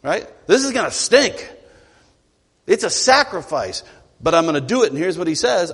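A man preaching a sermon as a pastor, animated, swinging between loud emphatic lines and quiet, low asides. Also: moderate pace, slightly rough. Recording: long hall reverb.

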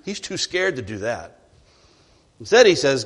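A man's voice: medium pitch, very animated, normal speed, long pauses, husky, in a large hall. A male pastor preaching a sermon in a church, emphatic and full of rhetorical questions. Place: church sanctuary.

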